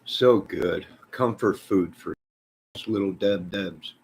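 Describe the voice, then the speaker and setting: Man, deep voice, raspy, casual live-stream host, excitable, rambling, folksy. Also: slow, rough recording. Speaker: channel host.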